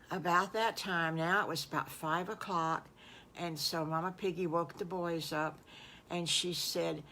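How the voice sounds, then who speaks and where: A woman's voice: on the low side, fairly even intonation, normal speed, bright, forceful tone, slight background noise. An older woman telling an improvised children's story, folksy and meandering, with repetitions and exclamations. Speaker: storyteller grandmother.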